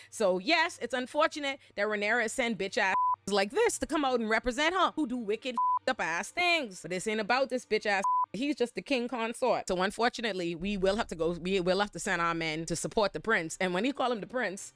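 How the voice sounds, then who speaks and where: A woman's voice: mid-range voice, lively intonation, fairly quick, a bit bright, no echo. A woman giving a profane, comic recap of a TV episode, slipping into character voices. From Bahamas. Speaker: TV show recap host. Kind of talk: casual comedic recap.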